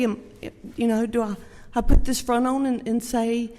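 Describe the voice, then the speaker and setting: An older woman with a Southern US accent giving a halting, heartfelt Mother's Day talk at a church microphone, near tears. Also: fairly high pitch, level tone, dark tone. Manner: halting, heartfelt, many fillers. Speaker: church speaker. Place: church sanctuary. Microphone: handheld microphone. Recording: long church hall reverb.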